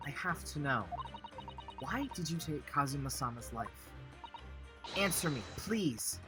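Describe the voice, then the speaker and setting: A stern, menacing ship officer with a thick put-on Russian accent, as a man voices him in a game playthrough. The stiff, broken English bounces around with a lively pitch. Game music plays behind. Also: unhurried. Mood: accusing.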